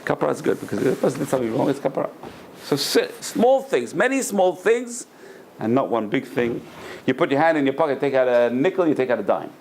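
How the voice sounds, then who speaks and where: Male rabbi, gravelly voice, lively storytelling lecture, faint room hiss. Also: mid-range voice, very fast. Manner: animated storyteller, repeats phrases, acts out quoted voices. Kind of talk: Torah class lecture with storytelling.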